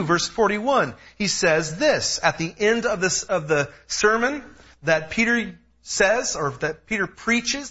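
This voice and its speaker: Lively high-voiced preaching man. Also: husky. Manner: animated, emphatic preaching with personal asides. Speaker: pastor. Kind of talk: expository sermon. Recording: dull lo-fi sound.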